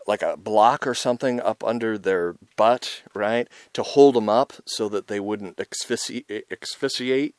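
In a somewhat low voice, a preacher who also hosts a show gives an intense, conversational sermon, often dropping in "right?" and "man." He swells louder on key points and falls low in between. The recording is dry and close, with no room sound.

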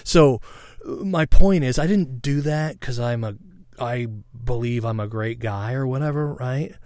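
A man's voice: medium pitch, darkish tone, no echo, studio quality. A man preaching a sermon in a conversational, reflective way, sharing a personal story and often checking in with "all right?". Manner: reflective, meditative pauses.

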